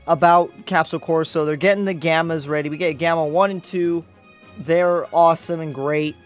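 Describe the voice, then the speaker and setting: A man giving a casual spoken movie review as a YouTube reviewer, rambling and correcting himself with lots of fillers. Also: fairly high pitch.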